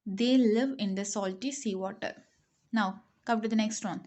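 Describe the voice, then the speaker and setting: A woman's voice: fairly high pitch, steady tone. A woman teacher leading a grammar lesson for young pupils, reading sentences aloud, repeating key words, checking in with "okay?" and spelling words out letter by letter. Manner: slow, deliberate dictation, spelling words letter by letter.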